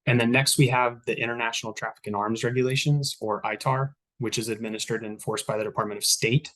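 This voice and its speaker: A man delivers a scripted compliance presentation to staff. His pitch sits in an ordinary middle range. He speaks in a measured, methodical way and drops in filler words between points. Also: fairly even intonation, fairly bright tone. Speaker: export controls compliance officer. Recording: recorded online meeting.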